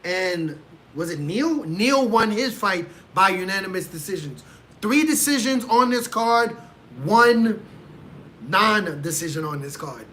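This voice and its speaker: A man's high-sitting voice is bright and forceful, unhurried, with lively intonation and a little hiss or hum in the audio. Hosting a casual livestream from home, he reacts to fights and rants in exasperation to his chat.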